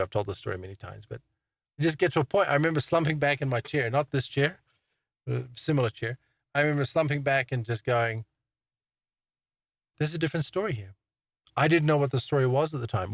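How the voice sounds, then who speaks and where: A man's voice: mid-range voice, no room sound. A man hosting his own channel, talking casually and rambling through a monologue with many fillers, restarts and chuckles. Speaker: online Bible teacher and channel host.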